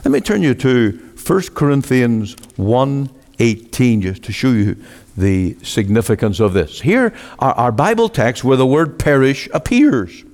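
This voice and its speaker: Slow dramatic preacher guy, voice rising and falling a lot, big echoey church. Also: lively intonation. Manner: emphatic, swings between loud rising appeals and low drawn-out endings. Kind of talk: sermon. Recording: long reverb of a large hall.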